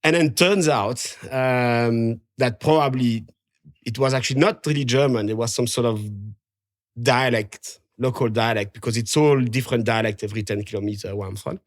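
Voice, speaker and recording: A man's voice: mid-range voice, moderate pace. A man from Belgium with a French accent, native French speaker, talking as a podcast guest, hesitant with many fillers and restarts. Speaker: guest, mining assistant general manager. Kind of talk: casual podcast interview.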